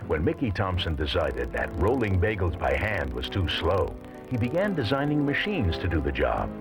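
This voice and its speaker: A man reading scripted documentary narration in a measured, even way. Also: low-pitched, poor audio. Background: music.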